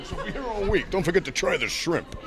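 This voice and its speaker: A man with a hugely animated voice, swooping up and down as he talks. He is a convention guest and talks manically, jumping without warning into silly voices. It sounds like a live recording made at the convention. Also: high voice, quick pace, crowd noise. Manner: manic, jumps into silly voices mid-sentence. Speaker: voice actor guest. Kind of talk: convention interview.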